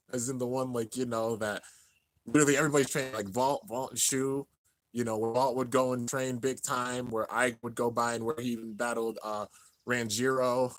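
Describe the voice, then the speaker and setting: A young man narrating an anime finale as he watches it live, excited and emotional. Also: medium pitch, no room sound. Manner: excited, narrating on-screen action, drops to near-tears murmurs. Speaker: anime reaction host. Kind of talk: live reaction commentary.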